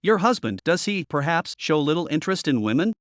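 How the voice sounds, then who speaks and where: A slick young doctor with a scheming streak, voiced by a man, speaking with put-on gentle concern and a lively, rising and falling pitch. The storybook read is close and dry, with no room sound at all. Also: fairly quick, no room sound. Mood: gentle probing. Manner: feigned righteous concern.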